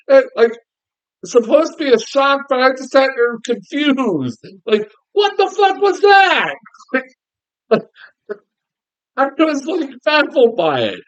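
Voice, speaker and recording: A man's voice: extremely high pitch, dull audio. A man giving a casual, exasperated film review, swearing often and laughing between complaints.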